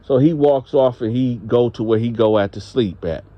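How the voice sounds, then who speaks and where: A man's voice: medium pitch, moderate pace, no room sound, dull audio. A man telling a story in a casual, rambling, conversational way. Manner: rambling, conversational, unsure on details. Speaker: channel host.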